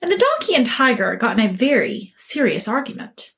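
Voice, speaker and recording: A woman's voice: fairly high pitch, wildly swooping pitch, fairly quick, gravelly, fairly bright tone. A woman relationship coach giving an upbeat, motivational talk and telling a story along the way.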